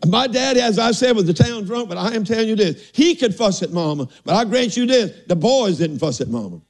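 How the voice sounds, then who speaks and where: A man's voice: high-pitched, animated, brisk. An older man preaching a folksy sermon, often asking "are y'all listening" and saying amen.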